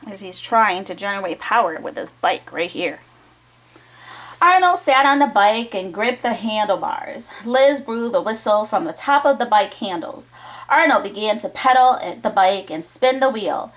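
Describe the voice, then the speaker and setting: A woman's voice: medium pitch, animated, normal speed, fairly bright tone, rough recording. A woman reading a chapter book aloud to children, with chatty asides to her young listeners. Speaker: children's storytime reader.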